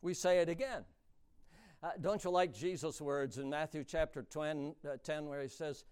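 Dramatic high-pitched male preacher, smooth. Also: moderate pace. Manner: dramatic, swings between hushed and booming, stretches key words. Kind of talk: sermon.

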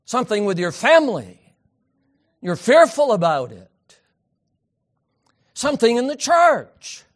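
A man preaching a sermon, swinging from loud emphatic peaks down to soft, quiet asides. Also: very high-pitched, sing-song, unhurried. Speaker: pastor.

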